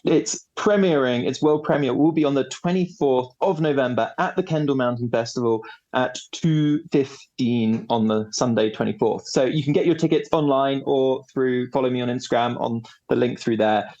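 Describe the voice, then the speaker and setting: Young man from England, podcast guest, animated, hesitant delivery. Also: medium pitch, normal speed, muffled recording. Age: young adult. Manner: animated, hesitant with fillers, playful sound effects. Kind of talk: casual interview chat.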